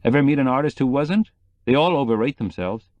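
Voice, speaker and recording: A man's voice: mid-range voice, animated, fairly quick, darkish tone, dry recording, lo-fi sound, voice pushed up, natural voice. Blunt cautioning editor, somewhat raised voice, audiobook figure, as a man voices him, dry. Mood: wary. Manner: warning, blunt. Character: shrewd older male newspaper editor friend.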